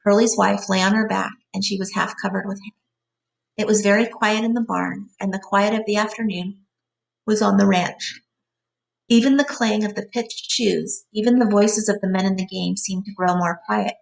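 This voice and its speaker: A woman's voice: medium pitch, steady tone, moderate pace, gravelly, distant mic. A woman teacher reading a novel aloud to a class, stopping to explain words in between. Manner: plain reading with side glosses.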